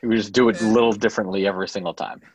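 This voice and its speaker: A man's voice: lowish voice, steady tone, slightly rough, rough recording. Wisecracking male podcast co-host. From Staten Island. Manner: wisecracking, quick banter. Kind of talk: casual podcast chat.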